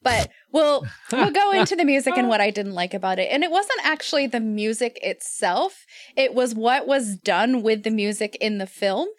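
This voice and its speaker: A woman co-hosting a relaxed movie review podcast, pressing her opinions with emphasis and repeating her points for effect. Her voice sits fairly high. The recording is close and dry. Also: normal speed, dry recording. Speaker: podcast co-host. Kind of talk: casual movie review chat.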